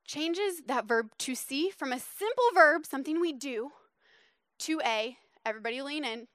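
A woman preaching a sermon to a small group, animated and conversational, dropping to a hush for emphasis. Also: sits high, normal speed, no echo, studio quality.

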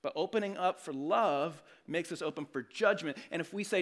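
A man's voice: fairly high pitch, lively intonation, moderate pace, fairly bright tone. A man preaching a sermon as a pastor, conversational and earnest, with frequent restarts.

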